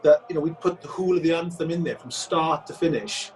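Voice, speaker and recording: A man, a film director telling stories in a casual interview, animated and chatty, with frequent restarts. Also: fairly high pitch, quick pace, slight background noise. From Wales. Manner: animated, chatty, many restarts and re-enacted quotes.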